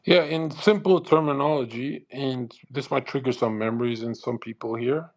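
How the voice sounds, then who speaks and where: A man's voice: mid-range voice, normal speed. Guy ranting on a live audio call, cocky and profane, hammers the same point over and over. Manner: brash, lecturing, repetitive and heavily profane. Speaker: host of a live audio chat room. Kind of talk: profane motivational monologue. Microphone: online audio call.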